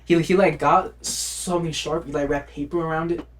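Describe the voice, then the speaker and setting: A young man co-hosting a casual podcast. He drops in short agreeing replies and tells stories in an animated way. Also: fairly high pitch, normal speed, slight background noise. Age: young adult. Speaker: podcast co-host. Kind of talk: casual chat.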